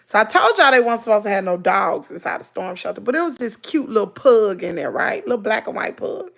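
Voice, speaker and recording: Hosting a laid-back livestream, a Southern-accented woman from Mississippi spins stories full of country slang and reads viewer comments out loud. Her medium-pitched voice has vocal fry and moves a little fast. She tells her tales with animation and laughs loudly.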